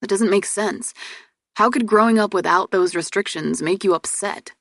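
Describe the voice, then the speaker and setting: A woman's voice: medium pitch, normal speed, a bit bright, no echo, natural voice. Female reader as a cheeky young prince who teases his sister; light touch, dry close mic. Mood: teasing. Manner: teasing, amused. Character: teasing young prince, her twin brother.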